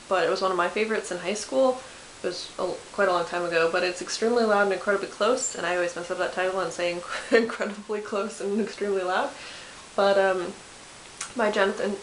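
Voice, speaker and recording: A woman in her twenties chatting casually about books she loves, with lots of fillers and self-corrections. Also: mid-range voice. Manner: chatty, self-deprecating, many fillers and restarts. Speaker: book vlogger. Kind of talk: casual chat. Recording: echoey room with faint hiss.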